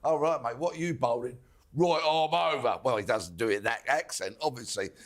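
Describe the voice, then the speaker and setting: A man sharing a story on a studio panel, chatty and colloquial. His voice sits at a plain middle pitch. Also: a little fast.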